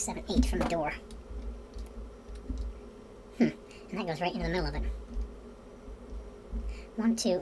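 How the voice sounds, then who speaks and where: Against a noisy background, a woman with a fairly low-pitched voice walks viewers through a casual game build. She counts blocks out loud to them, cursing under her breath if the pieces don't fit together.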